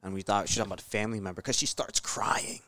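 A man from New Jersey, a podcast guest in casual chat, telling stories in an animated way and saying dude and bro. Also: on the low side, very fast, dry recording.

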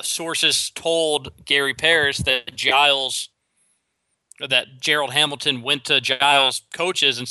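A man hosting a sports talk show alone, giving opinionated commentary with quick restarts. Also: medium pitch, sharp tone, clear, resonant tone, no echo. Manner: opinionated, rapid with frequent restarts.

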